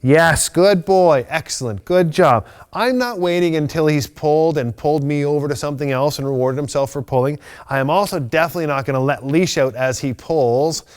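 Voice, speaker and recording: A man teaching loose-leash walking to a dog on camera, explaining each step calmly and methodically, with bright bursts of praise. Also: on the high side, brisk, few pauses, clean tone. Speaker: dog trainer. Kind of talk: instructional video demonstration.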